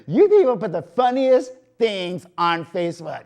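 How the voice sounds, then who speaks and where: Chatty high-voiced male talk show host. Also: unhurried, gravelly, hardly any pauses. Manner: gossipy and animated, full of "like" and "you know". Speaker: host of a community TV variety show. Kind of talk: casual chatty monologue. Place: TV studio.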